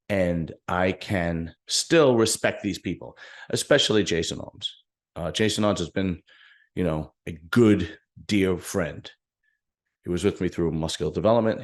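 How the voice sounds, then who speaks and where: Deep-voiced man hosting a candid solo talk. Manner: candid, rambling, self-reflective with frequent restarts. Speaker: bodybuilding show host. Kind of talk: casual solo talk to viewers.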